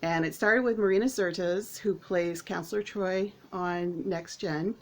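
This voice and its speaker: A woman vlogging to camera at home, chatting casually in a rambling, excitable way with lots of fillers. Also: fairly low pitch, unhurried, a little hiss or hum. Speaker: author and vlogger.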